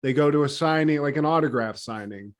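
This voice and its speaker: A man's voice: on the high side, a little fast. A man co-hosting a podcast, recapping a cartoon episode in loose, profane casual chat and laughing often. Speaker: podcast co-host.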